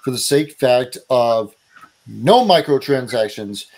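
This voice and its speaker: A man's voice: medium pitch, lively intonation, takes it slowly, darkish tone, a little hiss or hum. Opinionated podcast guy changing topics. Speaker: podcast co-host. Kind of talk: casual chat.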